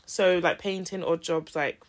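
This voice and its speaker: A woman co-hosts a podcast, talking in a chatty, slangy way and leaning hard on her points. Her voice sits a little low. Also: steady tone, unhurried. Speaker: podcast co-host. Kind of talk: casual chat.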